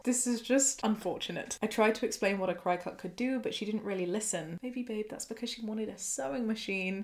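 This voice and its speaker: A woman with a mid-range voice, neither high nor low, reads an online story aloud to her viewers. She keeps stopping to comment, expressive and emphatic, as a casual host. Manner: expressive, switching between reading and emphatic asides. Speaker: YouTube host. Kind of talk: reading Reddit posts aloud with commentary.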